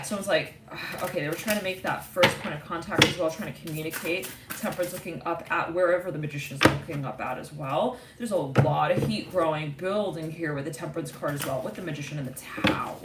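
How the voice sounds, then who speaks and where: Chatty woman reading tarot in an echoey room. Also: lowish voice. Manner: chatty, intuitive, frequent fillers and laughs. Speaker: tarot reader. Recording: echoey room, distant mic, loud noise.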